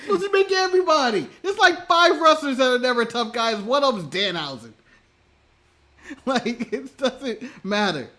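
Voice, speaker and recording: American man, high lively voice, bright tone, blunt, laughs a lot, casual wrestling chat co-host. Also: a little slow, pauses often. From United States. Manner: blunt, laughs often while talking.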